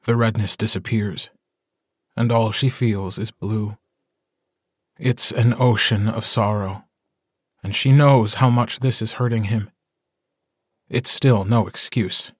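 A man narrating a story in a measured, even way in an audiobook. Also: fairly low pitch, husky, no room sound, studio quality. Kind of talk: scripted narration.

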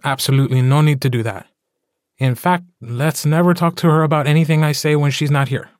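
A man's voice: a little high, steady tone, fairly quick, dry recording, voice pushed up, lightly acted. Male narrator as a brash, teasing young man; storybook read, dry sound. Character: cocky, joking young man.

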